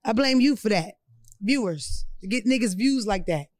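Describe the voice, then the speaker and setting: A woman hosting a casual podcast chat, animated and joking, swearing freely as she tells stories. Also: medium pitch, normal speed, dry recording, clean studio sound. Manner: animated, profane, joking storyteller. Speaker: podcast host.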